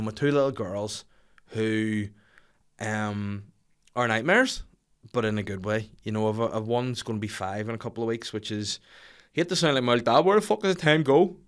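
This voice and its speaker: A man's voice: on the low side, fairly bright tone. A man in his thirties with a Northern Irish accent, hosting a comedy podcast as a sweary, self-mocking storyteller. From Northern Ireland. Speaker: podcast host.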